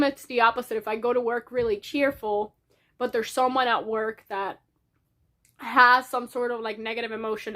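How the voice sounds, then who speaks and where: A young woman talking to her camera in a casual diary vlog while crying, rambling in halting phrases with many restarts. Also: on the high side, fairly bright tone. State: tearful, crying. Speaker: vlogger. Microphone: camera in front of her.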